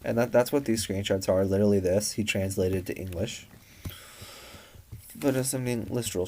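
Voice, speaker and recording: A man's voice: fairly low pitch, moderate pace, pauses often, a little mellow, slight background noise. A man reacting with outrage, stammering and swearing as he reads out screenshots. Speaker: commentary YouTuber.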